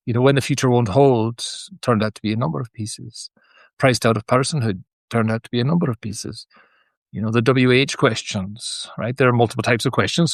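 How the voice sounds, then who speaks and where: Middle-aged man, Scottish accent, gravelly voice, mid pitch, dry close sound, reflective rambling monologue. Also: no room sound. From Scotland. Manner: rambling, thoughtful, many restarts and asides. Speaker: teacher sharing personal reflections.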